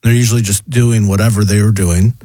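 A man's voice: lowish voice, fairly even intonation, a little fast, warm tone, no room sound. A man co-hosting a casual commentary chat, eagerly explaining a story and acting out the quotes. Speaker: co-host.

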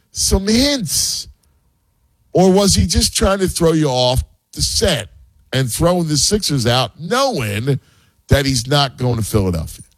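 A man's voice: on the high side, no room sound. A man hosting a sports talk show, speaking casually and emphatically.

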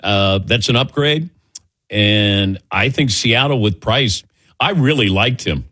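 A man hosting a sports talk radio show, taking callers in a relaxed, joking, conversational way. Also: lowish voice. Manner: relaxed, conversational, quick to joke. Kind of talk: casual sports radio chat.

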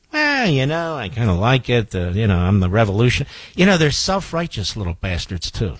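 A man's voice: medium pitch, huge pitch swings, brisk, hardly any pauses, no echo. A man hosting talk radio, pressing his points with insistent rhetorical questions. His voice sits in a middle register and sounds close and dry, with no room around it. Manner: combative, emphatic, rhetorical questions. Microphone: studio microphone.

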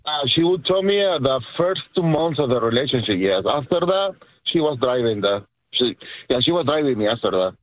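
A man's voice: medium pitch, expressive, brisk, dry recording. A man with a Spanish accent calling in to a radio show, easygoing and hesitant. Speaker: caller. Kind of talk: call-in radio chat. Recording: tinny phone line.

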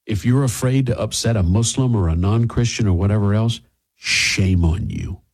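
A man runs his talk radio segment with a husky, slightly rough voice. He is blunt and opinionated, and he drops sarcastic asides between points. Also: on the low side, normal speed.

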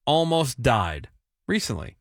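A man's voice: mid-range voice, sing-song, slow pace, creaky, no room sound, clean studio sound. A man hosting a casual radio show, teasing his co-hosts and building suspense before a break. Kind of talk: casual morning radio banter.

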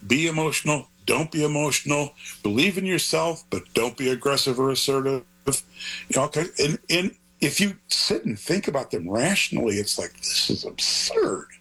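An older man, a grandfather, appears as an author guest in a conversational interview, rambling earnestly and digressing. His voice is on the high side, a bit bright with a breathy edge, and the audio is poor.

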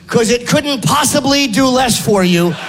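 Male stand-up comic, very high gravelly voice, blunt and sarcastic, noisy recording. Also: lively intonation, measured pace. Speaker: stand-up comedian. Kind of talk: stand-up routine.

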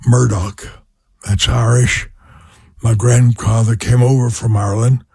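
A man's voice: on the low side, a little mellow, husky, no echo. A man in his eighties from Louisiana with a Southern accent, an evangelist preaching and telling folksy personal stories. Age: 80s. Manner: slow, folksy storytelling with prayer.

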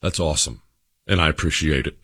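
A man's voice: a bass voice, brisk, husky. A man delivering a talk radio monologue with an emphatic, driving rhythm. He hammers his points by repeating them and builds up steam as he goes. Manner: emphatic, repetitive, building to excitement. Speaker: radio show host.

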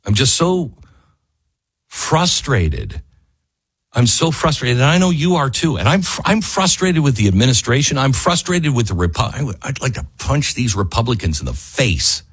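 Fiery talk radio host, husky man. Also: medium pitch, sing-song, normal speed, no echo. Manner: fiery, raises voice to near yelling. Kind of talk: impassioned talk radio monologue.

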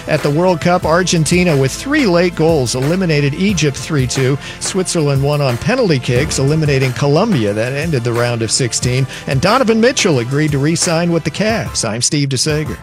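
A man reads a sports news update with a brisk, matter-of-fact delivery. His voice sits a bit on the high side, and faint music runs beneath him. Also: animated.

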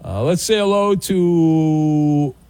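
A man's voice: fairly high pitch, warm tone, clear, resonant tone, no room sound. A man hosting a sports talk radio show, bantering with callers and running through football news. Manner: brisk, bantering, jumps between callers and news.

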